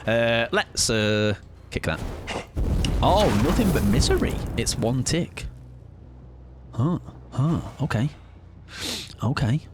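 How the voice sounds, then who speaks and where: A young man streaming a game, chatting excitably and mocking himself as he plays. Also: medium pitch, slow, pauses often, noisy background. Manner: chatty, excitable, self-mocking, swears casually. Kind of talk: live gameplay commentary. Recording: game music under the voice.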